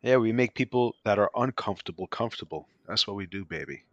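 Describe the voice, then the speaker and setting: A man co-hosting a podcast, laid-back and chiming in with quick agreement. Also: fairly low pitch, no room sound, lo-fi sound. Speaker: podcast co-host. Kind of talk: casual podcast banter.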